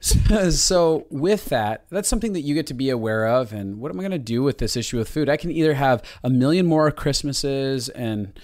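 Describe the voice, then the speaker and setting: A man's voice: medium pitch, animated, normal speed, hardly any pauses, a little mellow, dry recording, studio quality. A man co-hosting a podcast, talking casually with jokes and earnest stretches. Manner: joking, earnest, conversational. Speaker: podcast co-host.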